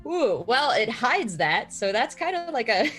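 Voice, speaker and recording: A woman playing a tabletop game, excitable and chatty. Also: a little high, takes it slowly, soft background music. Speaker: player. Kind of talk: casual tabletop game chat.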